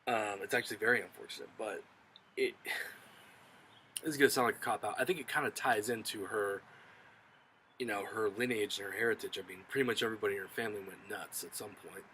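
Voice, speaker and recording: A man's voice: lowish voice, fairly quick, pushed and bright, a little hiss or hum, low-quality recording. A man recapping a TV episode in a loose, profane, filler-heavy way. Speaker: show reviewer.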